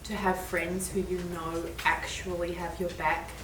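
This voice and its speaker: A woman's voice: fairly low pitch, level tone, measured pace. Woman, sincere tribute at dinner; roomy, distant. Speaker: friend giving a tribute. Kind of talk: heartfelt casual chat. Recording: echoey room, far mic, background noise.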